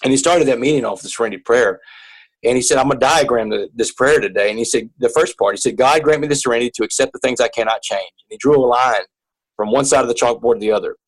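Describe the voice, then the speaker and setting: Husky-voiced man telling his story. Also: mid-range voice, quick pace, poor audio. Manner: earnest, repeats and restarts words. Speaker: interview guest. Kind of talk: earnest personal storytelling.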